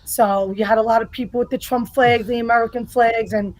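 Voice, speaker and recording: A middle-aged woman with a New York accent chats as a guest, blunt and quick to swear. Her voice sits a little high. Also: fairly even intonation, over a noisy crowd, low-quality recording. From New York, Bronx. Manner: blunt, profane storyteller. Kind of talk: casual podcast chat.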